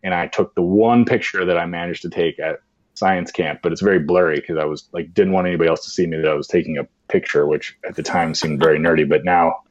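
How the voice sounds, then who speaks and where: A podcast guest with a low voice talks fast as he tells a personal story in conversation, animated and acting out the voices of the people he quotes. The sound is dull and lo-fi.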